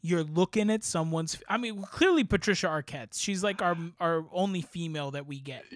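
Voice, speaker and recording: A man co-hosting a podcast, reviewing a movie in casual chat, rambling and animated, often tagging "right?" onto his points. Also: sits high, fairly quick. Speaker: podcast co-host.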